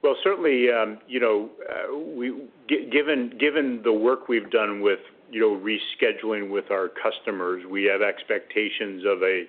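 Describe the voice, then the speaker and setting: Give me a hesitant executive man answering questions on a conference call, lower voice. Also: fairly even intonation, normal speed, few pauses. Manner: hesitant, heavy with fillers. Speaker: company executive on an earnings call. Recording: tinny phone line.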